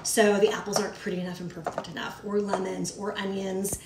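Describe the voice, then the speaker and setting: A woman's voice: medium pitch, little pitch movement, a little fast, creaky, background noise. A woman hosting a cooking show, chatting casually with viewers as she talks them through each step. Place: home kitchen. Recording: echoey kitchen, mic at a distance, clattering dishes.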